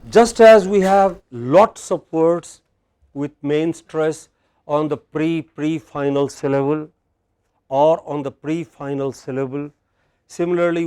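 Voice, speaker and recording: Slow-speaking Indian English teacher. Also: male voice, a little high, clear, resonant tone. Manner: deliberate, stresses words loudly for the class to repeat. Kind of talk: classroom pronunciation drill. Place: classroom.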